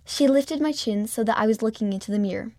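A woman reads a children's story aloud in first person, gently and expressively. Her voice sits a little high, with a gravelly, fry-edged texture, and it is recorded dry and close. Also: fast, no room sound. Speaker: storybook reader.

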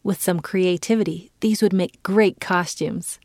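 A woman giving a calm, clear reading as the narrator of a children's story. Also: lowish voice, a little slow, no room sound, studio quality.

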